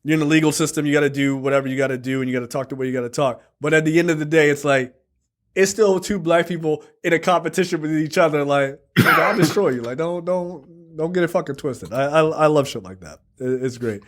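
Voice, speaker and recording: A man's voice: on the high side, fast. A man co-hosting a podcast in casual chat, laid-back and profane, laughing often as he talks. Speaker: podcast co-host.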